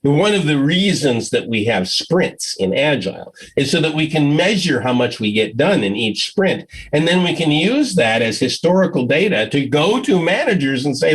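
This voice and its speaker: Husky male conference speaker, lively. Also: a little high, moderate pace, poor audio. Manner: storytelling, acts out quoted exchanges. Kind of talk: conference Q&A answer. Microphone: video call.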